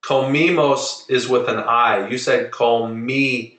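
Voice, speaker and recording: A man runs an online Spanish lesson, patiently repeating each word for the class. His voice is bright and clear. He sits back from the mic in a room with noticeable echo. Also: mid-range voice, fairly even intonation, far from the mic. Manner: patient, drills words slowly and repeats them. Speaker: Spanish tutor.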